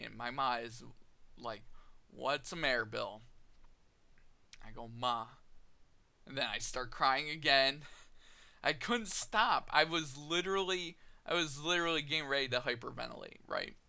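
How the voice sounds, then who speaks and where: A man recounts a deeply personal story straight to his viewers, pausing, repeating himself and restarting his sentences. His voice has a gravelly edge. The tone is bright and sharp. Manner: halting, many "you know" fillers and restarts. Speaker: vlogger.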